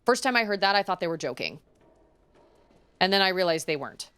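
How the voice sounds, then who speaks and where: Woman streamer rambling over a game, kinda low voice but really bouncy, giggles a lot, bit of game music underneath. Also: animated, brisk, fairly bright tone, clear, resonant tone, no echo. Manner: chatty and giggly, rambling tangents. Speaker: gaming streamer. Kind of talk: casual let's-play commentary.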